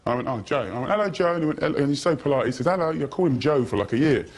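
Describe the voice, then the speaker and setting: A man's voice: medium pitch, fast, a little mellow, slightly rough. A man talking through a cooking demonstration in a kitchen, chatty and loose, full of "sort of" and "kind of". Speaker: TV cook. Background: frying and sizzling.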